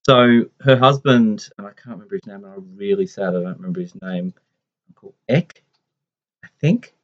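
A man's voice: lowish voice, moderate pace. A man in his forties telling a family story in a casual, rambling way, full of restarts and asides. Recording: dull lo-fi sound.

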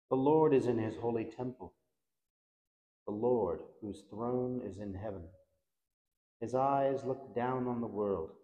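Slow, dark-toned man reciting prayers. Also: lowish voice. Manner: measured, reverent, with falling endings on responses. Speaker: reader of the Divine Office. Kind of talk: solemn liturgical recitation. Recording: echoey room.

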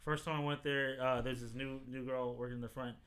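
A man's voice: medium pitch, little pitch movement, fairly bright tone, clean tone. A man hosting a podcast, telling anecdotes in casual chat and acting out the quotes. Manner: quick anecdotes with acted-out quotes. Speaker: podcast host and editor.

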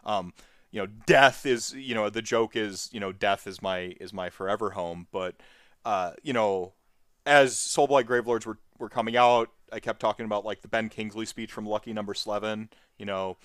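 A man in casual chat who talks in an animated rush, jumping up in pitch and circling back over his own words. He keeps starting sentences over and piling on fillers. The sound is dry and close, with no room around him. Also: clear, resonant tone, dry recording. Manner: animated, rambling with many restarts and fillers. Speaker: podcast co-host.

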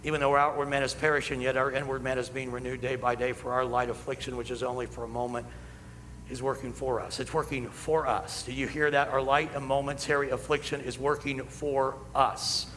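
A man preaching a sermon as pastor, building emphasis and slowing down on key lines. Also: fairly high pitch, sharp tone, slight background noise. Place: church sanctuary. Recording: hall reverb, faint ambience.

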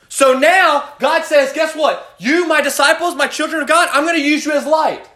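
Youth Bible study teacher, man, high-pitched, preachy, questions the group, echoey room. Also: normal speed, hardly any pauses, bright, forceful tone. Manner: preachy, asks the group questions, calls on students by name.

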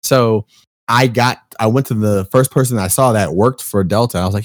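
A man from Chicago telling a story on a casual podcast chat, profane and animated, acting out quotes with big jumps in pitch. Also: normal speed, dry recording, studio quality.

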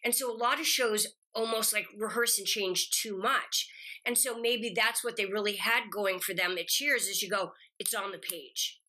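A middle-aged woman, a guest actress chatting in an interview, telling stories and acting out quoted lines with lively energy. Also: mid-range voice, moderate pace. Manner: animated storyteller acting out quotes. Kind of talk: casual interview chat.

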